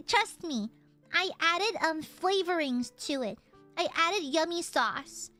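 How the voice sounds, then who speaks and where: A woman's voice: very high-pitched, animated, slow, pushed and bright, no room sound, soft background music. A young woman streamer chatting casually and teasing her viewers in a playful, goofy way. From United States.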